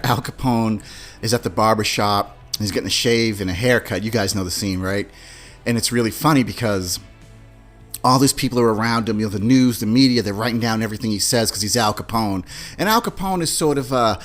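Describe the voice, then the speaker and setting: A man hosting a casual podcast, telling movie scenes in an animated way and imitating beeps and lines. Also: fairly low pitch, a little fast, faint music behind. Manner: animated storyteller, mimics beeping sounds and movie lines. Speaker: podcast host.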